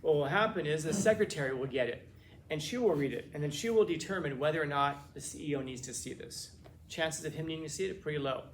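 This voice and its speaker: A man lecturing a class in a loose, chatty way, full of wry jokes and restarts. His voice sits slightly high for a man. A faint hiss runs under the recording. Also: quick pace. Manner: conversational, joking asides, many restarts. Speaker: teacher.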